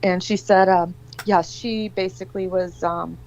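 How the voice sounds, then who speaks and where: A woman in her forties tells a long story in an animated, rambling way, with plenty of swearing and voices for the people in it. She sits on a video call. The audio is a little dull and lo-fi. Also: on the low side, unhurried. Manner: rambling, profane, animated storytelling with acted-out quotes. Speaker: livestream guest. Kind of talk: casual storytelling chat.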